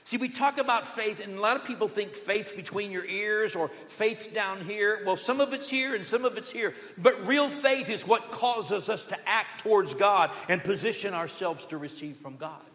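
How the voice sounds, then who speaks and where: A man preaching a sermon from a church sanctuary, telling stories with quoted voices and swinging between loud declarations and hushed asides. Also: high-pitched, normal speed, few pauses. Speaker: pastor. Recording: long church hall reverb.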